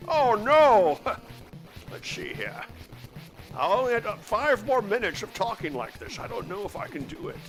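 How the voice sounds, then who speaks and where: A man's voice: high-pitched, big pitch swings, moderate pace, fairly bright tone, soft background music, heavily acted, low-quality recording. A man doing a drawling old professor. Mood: mock-dramatic. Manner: drawling lispy impression, rolling S sounds, rambling. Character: gruff elderly Scottish professor father, lecturing. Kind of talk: comedic impression during a game stream.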